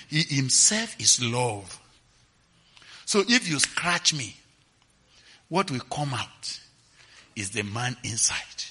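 A man preaching a sermon, swinging between quiet, slow lines and sudden shouts, often asking the listeners if they understand. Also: on the high side, slightly rough.

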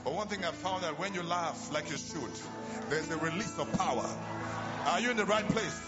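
A man's voice: on the high side, moderate pace. A man preaching a sermon, calling out to the congregation and repeating commands. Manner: shouting, repetitive calls to the congregation. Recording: muffled recording with loud music behind. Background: loud music.

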